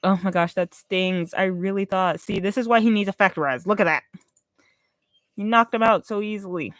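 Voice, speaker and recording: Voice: mid-range voice, normal speed, no room sound. Congested, chatty game streamer, dry sound. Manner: chatty, expressive, thinks aloud while explaining game strategy. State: congested, sniffling. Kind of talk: casual gaming live-stream commentary.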